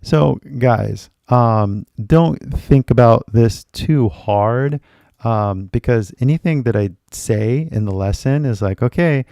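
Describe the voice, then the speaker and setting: A man's voice: mid-range voice, takes it slowly, vocal fry, warm tone, no echo, clean studio sound. A man who teaches English, talking loosely in a live-stream lesson with a slight American accent, full of "like" and "right?" and switching into Japanese now and then. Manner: loose and chatty, mixes Japanese into his English; filler-heavy, lots of "like" and "right?".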